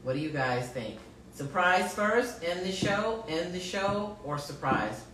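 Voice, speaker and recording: A woman's voice: fairly low pitch, animated, unhurried, fairly bright tone, recorded from a distance, slight background noise. A woman co-hosting a casual home show, playful and giggly, often apologizing with a laugh. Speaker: podcast co-host, mother. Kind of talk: casual chat. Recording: roomy, off-mic with faint ambience.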